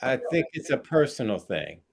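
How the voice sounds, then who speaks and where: A man's voice: mid-range voice, big pitch swings, moderate pace, vocal fry, slightly rough. A man on a talk panel, making his points emphatically with frequent ums. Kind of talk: casual debate.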